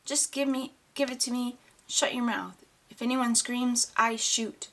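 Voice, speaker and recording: A nervous, shaking mugger barks curt, threatening commands. A woman voices him in an audiobook reading. Her pitch stays a little above her own plain reading voice, with no deep male tone. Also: steady tone, measured pace, a bit bright.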